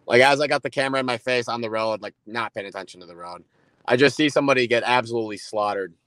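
A man co-hosting a podcast, speaking bluntly and deliberately in casual chat. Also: medium pitch, fairly bright tone, clean tone, dry recording, poor audio. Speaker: podcast co-host.

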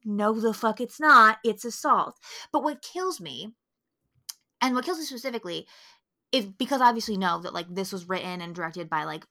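A woman's voice: medium pitch, expressive, moderate pace, bright, forceful tone. A young woman co-hosting a podcast, ranting in heated, profane bursts and acting out quoted lines. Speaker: podcast co-host. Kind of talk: casual podcast chat.

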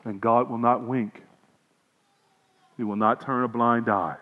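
A male pastor delivering a sermon, moving between loud proclamation and quiet pleading. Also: mid-range voice, fairly even intonation, unhurried, long pauses. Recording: lo-fi with long reverb, hall.

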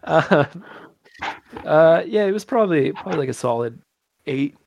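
Gravelly, laid-back male podcast guest. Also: on the high side, expressive, normal speed, a little mellow, lo-fi sound, slight background noise. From North America. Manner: laid-back, laughs easily. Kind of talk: casual chat.

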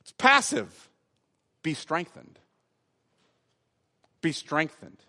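A man with a slightly higher voice preaches an expository sermon in a church sanctuary. He presses his points through repetition and slows down on the words he wants to land. His voice carries a long hall reverb. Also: very animated, pushed and bright. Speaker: pastor.

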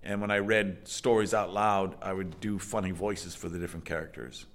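Man, acting teacher, low voice, casual, restarts sentences. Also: fairly even intonation, normal speed, creaky. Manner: chatty, restarts often. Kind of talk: documentary interview.

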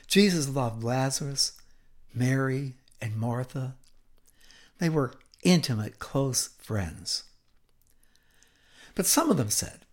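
A man preaching from the pulpit, unhurried and measured in his pace. He retells the scripture story dramatically, swelling and then dropping to a hush for effect. His voice sits at an ordinary middle pitch. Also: lively intonation. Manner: dramatic, deliberate storytelling with acted quotes and sudden hushed drops.

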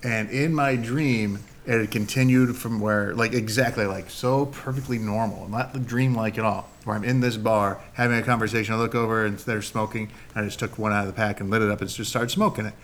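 A man telling a relaxed anecdote in a casual podcast chat, offering easygoing advice. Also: fairly low pitch, a little fast, hardly any pauses, slight background noise. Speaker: podcast co-host. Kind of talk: casual storytelling.

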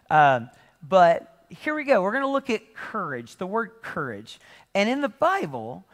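A middle-aged man preaching a sermon, telling lively jokey stories and acting out asides. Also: on the high side. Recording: reverberant hall.

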